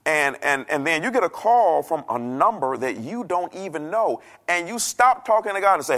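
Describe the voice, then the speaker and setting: A middle-aged pastor preaches from a church stage. His voice is gravelly, and his pitch rises and falls a great deal. He talks casually and jokes, acting out the voices of the people he quotes. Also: sing-song, normal speed, few pauses, fairly bright tone. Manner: conversational, joking, acts out quoted voices. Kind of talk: sermon.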